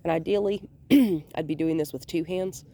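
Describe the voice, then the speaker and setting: A woman dog trainer filming a walk outdoors on a hand-held phone, calmly explaining and softly praising the dog. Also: deep voice, moderate pace, vocal fry. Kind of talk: hands-on training demonstration. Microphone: phone held in one hand.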